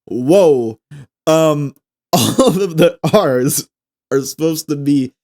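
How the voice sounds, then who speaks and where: A man's voice: a little high, animated, very slow, a little mellow. A young man hosting a solo podcast, chatting casually in a playful, rambling way that often trips over its own words. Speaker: podcast host.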